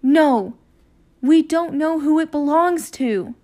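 A woman's voice: high-pitched, lively intonation, takes it slowly, a little mellow, voice pushed up. A woman voicing a sensible, cautious eight-year-old boy in a children's story read-aloud, sounding reluctant and exasperated. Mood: urging.

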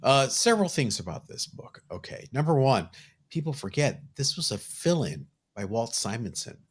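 A man's voice: mid-range voice, very animated, moderate pace, breathy edge. Wry, joking man in casual chat. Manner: wry, joking, dry asides. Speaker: comic book podcast co-host.

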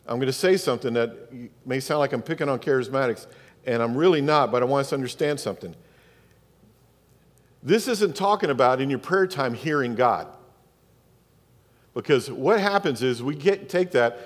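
Southern male pastor, emphatic repeating sermon style, slightly high-pitched, recorded in an echoing sanctuary. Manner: preaching with rhetorical questions and emphatic repetition. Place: church sanctuary. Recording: long reverb of a church hall.

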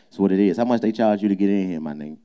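A man's voice: low-pitched, very fast, warm tone, clean tone, lo-fi sound. A young adult man, a comedian, doing a boisterous, profane, teasing improvised roast inside a small nightclub.

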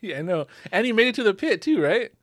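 A man's voice: sits high, sing-song, quick pace, a bit bright, no echo, studio quality. A young man co-hosting a podcast, telling stories casually with many fillers and acted-out quotes. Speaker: podcast co-host. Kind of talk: casual chat.

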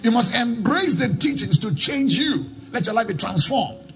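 A man preaching a sermon as pastor, swinging into sung, chanting lines and shouted calls to the congregation. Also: very high voice, lively intonation, moderate pace, soft background music.

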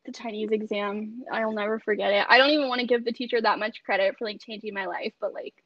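A woman's voice: medium pitch, fairly even intonation, fast talker, dry recording, lo-fi sound. A young woman talking casually on a podcast over a video call, chatty with many fillers and frequent laughs. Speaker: podcast guest.

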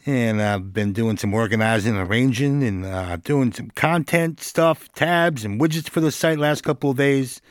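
A man's voice: medium pitch, moderate pace, few pauses, clean tone, no room sound, studio quality. A man hosting a casual solo podcast, laid-back and joking, chuckling now and then as he talks. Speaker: podcast host.

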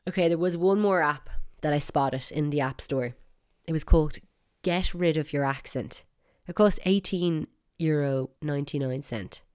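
A woman's voice: sits low, normal speed, darkish tone, clean tone. A woman with an Irish accent hosting a solo podcast, chatty and wry, with bursts of mock outrage. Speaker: podcast host.

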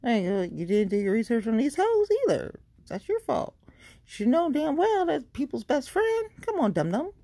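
Woman podcaster, blunt and profane, warm low voice, dry close sound. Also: big pitch swings, moderate pace, no echo. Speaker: podcast host. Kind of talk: casual ranting monologue.

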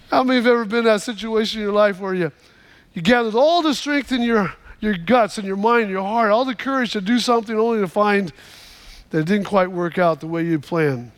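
A man with a high voice preaches to his congregation. He tells a story in a loose way, restarting his words and asking people to say amen. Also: fairly quick. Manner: storytelling, repeats words in restarts, calls for amens. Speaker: pastor. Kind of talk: sermon.

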